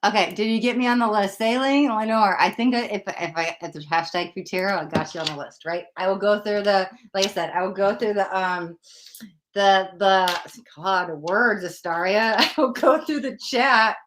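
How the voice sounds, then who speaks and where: A chatty woman on a live tarot stream, talking loosely and laughing at herself as she reads out comments. Her voice sits at a middle pitch and her talk is casual and unscripted. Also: moderate pace, background noise. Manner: giggly, chatty, self-deprecating. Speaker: livestream tarot reader. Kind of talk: casual livestream chat.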